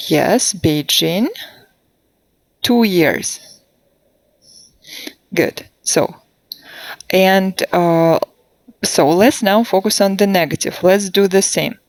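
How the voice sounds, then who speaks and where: A woman teaching a grammar lesson online, slowly modelling sentences for students to repeat and asking them questions. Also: lowish voice, no room sound. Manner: slow, deliberate modelling of sentences for repetition. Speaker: English teacher. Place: online class.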